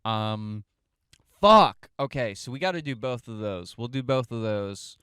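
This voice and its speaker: Bright-voiced man telling a rambling story. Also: mid-range voice, a little slow, clean tone, no room sound, studio quality. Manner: profane, self-mocking, rambling with fillers and restarts. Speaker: podcast host. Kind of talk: casual storytelling monologue.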